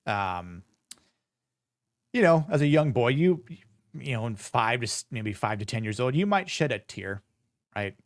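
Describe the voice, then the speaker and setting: A man in his forties hosts a live podcast, giving casual live-stream commentary packed with fillers and sarcastic asides. He speaks in a mid-range, very animated voice, a little slowly and with long pauses, and there's no room sound.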